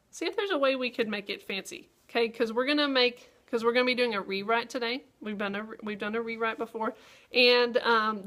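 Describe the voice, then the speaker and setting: Upbeat woman teacher, slightly high voice. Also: fairly bright tone. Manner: upbeat classroom talk with frequent "okay?" checks. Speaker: teacher trainer. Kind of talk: modeling a writing lesson.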